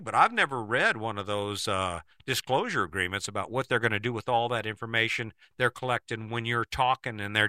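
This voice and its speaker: Man, piercing bright tone, dry close sound, skeptical talker who keeps asking rhetorical questions. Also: mid-range voice, dry recording. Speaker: speaker giving a monologue to camera. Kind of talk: persuasive commentary monologue.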